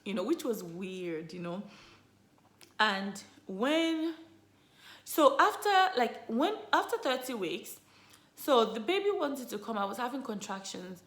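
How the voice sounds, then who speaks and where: A woman vlogger casually telling viewers her story, chatty and animated, full of "you know" and "like". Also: fairly high pitch, unhurried. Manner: animated, lively retelling. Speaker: vlogger, mother sharing her birth story. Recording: roomy echo.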